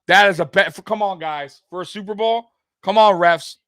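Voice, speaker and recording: A young man hosting a live sports stream, talking straight to his viewers in an animated, repetitive way with plenty of swearing. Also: sits high, normal speed, no echo. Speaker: sports livestream host. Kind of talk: live postgame commentary to viewers.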